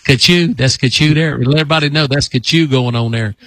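A man's voice: medium pitch, a little fast, a bit bright, dry recording, poor audio. A man preaching as a deliverance minister on a broadcast, repeating commands for spirits to come out in a folksy, rambling way. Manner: repetitive commanding exorcism chants.

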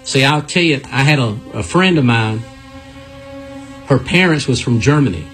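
A man's voice: mid-range voice, expressive, normal speed, fairly bright tone, soft background music. A man preaching a radio sermon, folksy and earnest, with rhetorical questions.

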